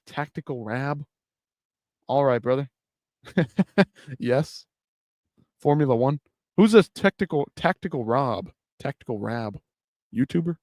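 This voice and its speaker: Man, live-stream host, casual profane rambling, slightly high voice, dry close sound. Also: no room sound. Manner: loose, profane, rambling with restarts. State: tired late at night. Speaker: livestream host.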